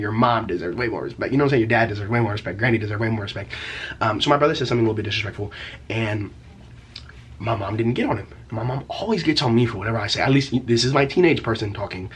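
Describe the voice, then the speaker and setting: A man's voice: on the low side, a bit bright, a little hiss or hum. A young man telling a story from his teen years in a casual vlog, rambling and profane, packed with slang fillers. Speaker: vlogger.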